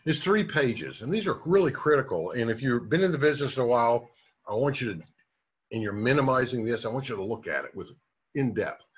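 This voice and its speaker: A man with a husky, slightly rough voice delivers a motivational training talk in a direct, coaching manner. He keeps checking in with his listeners as he goes. The recording sounds dull and lo-fi. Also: medium pitch, lively intonation, fairly quick. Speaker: business trainer.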